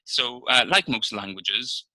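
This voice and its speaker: A man's voice: medium pitch, lively intonation, slow pace, sharp tone, dry recording, low-quality recording. A young man with a Northern Irish accent gives a prepared practice speech in a frank manner, with many fillers and open irritation. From Northern Ireland. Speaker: speaker in an interpreting practice speech.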